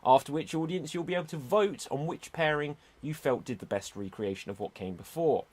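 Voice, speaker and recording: A man hosting an online improv show, announcing rounds and votes in a brisk, upbeat way over a video call. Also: on the high side, a little mellow.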